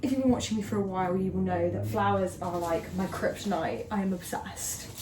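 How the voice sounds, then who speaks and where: A young woman vlogs from home into a handheld camera, chatting loosely and rambling, with ums and small laughs filling the gaps. Her voice is mid-pitched for a woman, steady in tone, and fairly quick, with a faint hiss beneath it.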